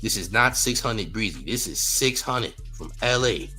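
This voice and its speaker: A man's voice: lowish voice, expressive, moderate pace, bright, forceful tone, soft background music. A man hosting a commentary show, reacting in disbelief, repeating himself and laughing between remarks. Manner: incredulous, repeats phrases, laughs often.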